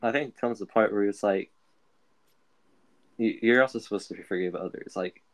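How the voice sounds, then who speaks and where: A man on a casual faith podcast, calm and brief in his remarks. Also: fairly low pitch, normal speed, background noise. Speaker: podcast co-host.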